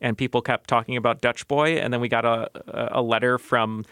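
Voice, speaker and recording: A man's voice: mid-range voice, level tone, a little fast, fairly bright tone, clean tone, dry recording. Earnest man talking in a dry studio. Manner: earnest, thoughtful, with many fillers and restarts. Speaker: podcast host as a radio guest. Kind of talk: conversational interview answers. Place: radio studio.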